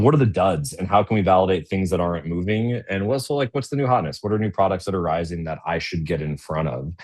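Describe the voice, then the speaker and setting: This webinar presenter has a deep-ish, slightly mellow voice as he runs a casual business demo walkthrough. He's chatty and conversational, peppering his sentences with lots of "right?"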